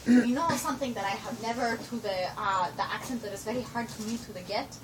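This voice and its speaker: A woman's voice: fairly high pitch, a little fast, natural voice. A woman putting on a giggly foreign-accented persona. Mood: playful. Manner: broken grammar with stray "to the", giggly. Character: excitable foreign-accented young woman in broken English. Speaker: roommate. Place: home room. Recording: noisy home video from a distance.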